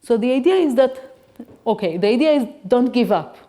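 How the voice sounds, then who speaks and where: Woman, guest lecturer, native Hebrew speaker, mellow tone, academic lecture, patient explaining. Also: on the high side, expressive, moderate pace. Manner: explanatory, frequent restarts and checks with "Okay?". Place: lecture hall.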